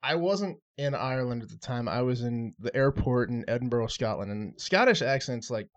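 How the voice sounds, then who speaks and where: A young adult man telling rambling, lively travel stories in a casual chat with friends. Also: mid-range voice, normal speed. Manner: rambling, animated anecdotes with laughs. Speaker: podcast co-host. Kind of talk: casual storytelling. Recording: dull lo-fi recording.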